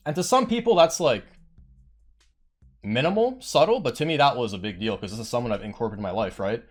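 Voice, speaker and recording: A man's voice: mid-range voice, animated, fast talker, soft background music. A man streamer telling a heated, rambling story on his stream, swearing often.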